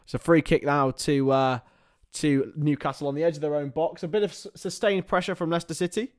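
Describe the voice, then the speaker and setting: A man's voice: on the high side, a little fast, clean tone, dry recording, studio quality. A young man hosting a live watchalong, calling the match play by play and chatting with viewers. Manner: excitable play-by-play, drops to mumbled asides with fillers. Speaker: watchalong host and commentator. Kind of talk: live match commentary with chat.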